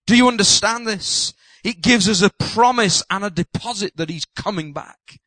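A man, a pastor, preaching an impassioned sermon that builds to loud emphatic peaks and slows on key words. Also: sits high, no echo.

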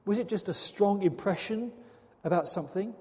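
A man's voice: sits high, moderate pace, darkish tone. A man preaching a sermon in an earnest, dramatic way, full of rhetorical questions. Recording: long hall reverb.

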